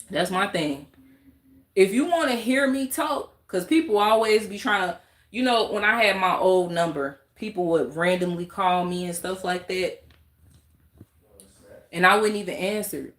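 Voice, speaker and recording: A woman records a candid rant for her YouTube vlog, pressing her points emphatically and circling back to them while gesturing. Her mid-range voice has a fairly bright tone, her pace is measured, and the sound is reverberant.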